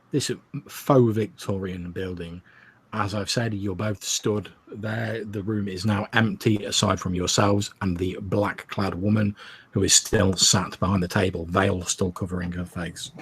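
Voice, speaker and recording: A man with a husky, lowish voice narrates a tabletop horror game as game master. He describes scenes in a measured, steady way. His tone stays even as he sets each scene.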